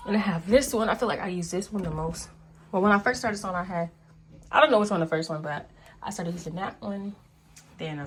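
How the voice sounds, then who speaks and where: A woman vlogger chatting casually and gushing excitedly while unboxing a sewing machine. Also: mid-range voice, slight background noise.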